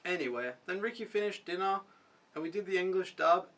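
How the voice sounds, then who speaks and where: A man's voice: high voice, expressive, fairly quick, fairly bright tone, distant mic, a little hiss or hum, rough recording. A young man recapping his week as an au pair in a casual vlog, talking frankly and swearing freely. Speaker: au pair vlogger.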